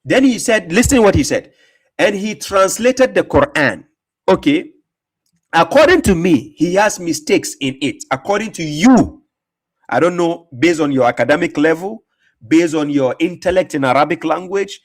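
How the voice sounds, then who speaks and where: This slightly high male voice has lively intonation and a normal pace. Reacting to a video as host, he speaks with mockery and emphasis, laughing frequently and repeating words.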